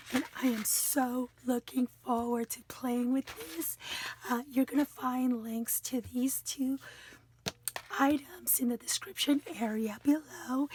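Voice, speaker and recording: A woman chatting casually in a craft haul video. She has a hoarse, strained voice that keeps dropping into a whisper, and she rambles with enthusiasm. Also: on the high side, a little hiss or hum. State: hoarse, losing her voice. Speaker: craft vlogger.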